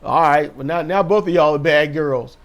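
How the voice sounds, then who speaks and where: A man with a high voice talks through a wrestling episode in a loose, offhand way. He is sarcastic and pokes fun at what he watched. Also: normal speed. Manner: sarcastic, mocking impressions in a raised voice. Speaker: wrestling show reviewer. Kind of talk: casual recap commentary.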